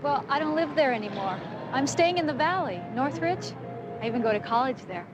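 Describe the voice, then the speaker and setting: A woman's voice: high voice, expressive, a little fast, highs cut off, over music. An actress playing a nervous young woman who is new in town, pleading and defensive in an old TV crime drama. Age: young adult. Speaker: young woman hitching rides. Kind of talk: 1970s TV crime drama acting.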